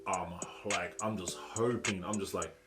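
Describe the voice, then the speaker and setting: Low-pitched and unhurried, with fairly even intonation, this young man speaks with a New Zealand accent as a vlogger. Music plays behind his casual, slangy story as he swears a lot and performs other people's quotes.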